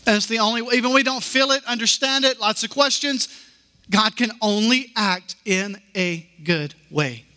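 With a bright, forceful tone, a man delivers a sermon as pastor, repeating slow, emphatic statements that rise steadily in pitch.

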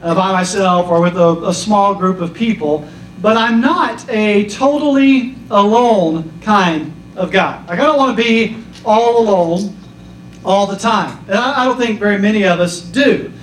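A male pastor preaching in a relaxed, chatty way, weaving jokes and stories into his sermon. His voice sits fairly high and carries through a reverberant church hall. The mic picks him up from a distance, with faint room noise behind him. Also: measured pace. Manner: casual storytelling with a joke. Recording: roomy echo from a distance.

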